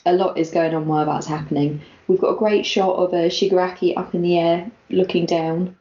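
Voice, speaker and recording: A woman, co-hosting a podcast, chatting casually with giggles and animated quotes. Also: fairly low pitch, brisk, few pauses. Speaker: podcast co-host. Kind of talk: casual chat recapping a manga chapter. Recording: lo-fi, echoey room.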